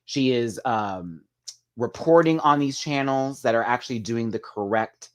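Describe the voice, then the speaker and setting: Male live-chat host, casual gossipy commentary, animated and talkative, ordinary mid-range voice. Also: measured pace. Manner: chatty, gossipy, big swings in pitch and loudness; addresses viewers as "girl" and "y'all". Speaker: livestream host.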